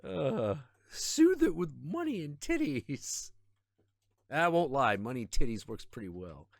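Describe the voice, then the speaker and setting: Male streamer, frustrated and profane, unhurried delivery, dry close sound. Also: on the high side, sing-song, creaky, no echo. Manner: trails off into mutters and repetitions. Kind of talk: casual gaming stream chat.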